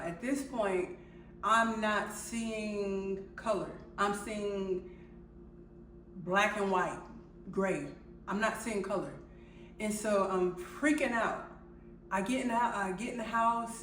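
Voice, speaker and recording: A young woman tells a personal story straight to her viewers, and she gets animated and loud as she relives moments of panic. She laughs at herself along the way. Her mid-range voice sits a little back from the mic, in a roomy, echoing space with a faint hum behind it. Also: medium pitch. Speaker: vlogger. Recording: echoey room, a bit far from the mic.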